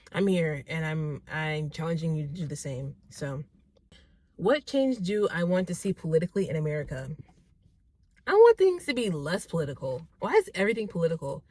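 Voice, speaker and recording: In a dry recording, a young woman with a low, slightly mellow voice answers viewer questions in a casual talking-to-camera vlog. Enthusiastic and chatty, she tends to ramble and correct herself.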